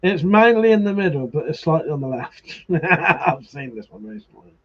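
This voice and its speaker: A man talks on a casual live stream, swearing and getting worked up as he argues his point. His voice sits slightly high and husky. The audio is dull and lo-fi. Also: normal speed. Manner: animated, swearing, reading viewer comments aloud. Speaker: livestream host.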